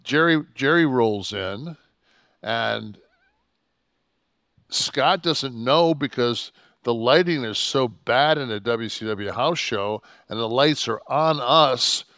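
A man spins a backstage story on a podcast, cursing often and circling back on his own sentences. His voice sits in a middle pitch. The sound is dry and close, with no room in it. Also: slow, bright, forceful tone, no room sound. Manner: profane, heated, rambling with restarts. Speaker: podcast co-host telling a wrestling story. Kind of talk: casual storytelling chat.

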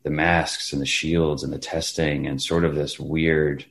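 A man's voice: rumbling low, measured pace. A man, an actor guest, chatting casually in an interview, telling stories with lots of restarts and laughter. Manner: animated storyteller, acts out quotes, laughs often, many restarts.

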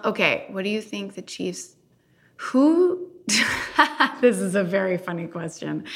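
Bright-voiced woman, chatty podcast co-host. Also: mid-range voice. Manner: giggly, chatty, reads fan questions. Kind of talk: casual rewatch podcast chat.

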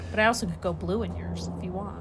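A woman's voice: fairly low pitch, quick pace, background noise. A woman co-hosting a podcast in casual chat, giggly and teasing. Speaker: podcast co-host.

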